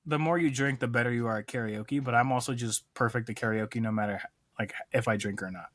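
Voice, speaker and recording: A man's voice: medium pitch, quick pace, no echo, clean studio sound. A young adult man, a comedian guest, chatting casually on a podcast, rambling and self-mocking and often laughing.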